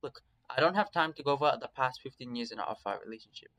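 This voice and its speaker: A man in a mid-pitched voice reads a visual novel aloud in first person. He keeps it casual, swears freely and stops to chat about his choices. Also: lively intonation, fast, a bit bright, poor audio. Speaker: story reader.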